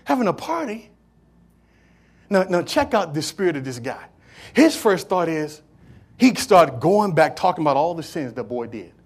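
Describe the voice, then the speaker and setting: A man's voice: on the high side, sing-song, normal speed, darkish tone. A man preaching a sermon in an emphatic, repetitive way, with conversational, streetwise phrasing.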